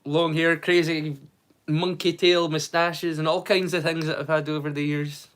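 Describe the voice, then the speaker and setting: Here a livestream host speaks at normal speed in a fairly high, flat voice. He keeps his casual watch-along loose, joking, chatting and swearing freely with the people watching, and greets them loudly and brightly.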